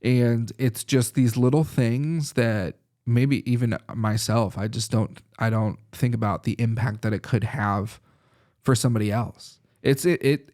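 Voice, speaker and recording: Male chiropractor guest, mid-range voice, chatty storyteller who laughs a lot. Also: medium pitch. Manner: lively anecdotal storytelling with frequent laughs. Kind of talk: casual podcast conversation.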